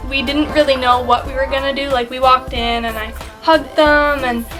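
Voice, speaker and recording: A woman's voice: high-pitched, steady tone, over music. A young woman chatting casually in a vlog, giggling often and acting out what people said. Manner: giggly, chatty, quickly shifting between quoted voices. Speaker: vlogger. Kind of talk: casual chat recounting a fan convention.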